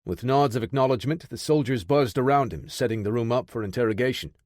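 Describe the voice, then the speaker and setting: A male narrator reading an action thriller audiobook with steady, measured pacing and a mid-range voice. The recording is dry and close, with no room sound. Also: mid-range voice, dry recording.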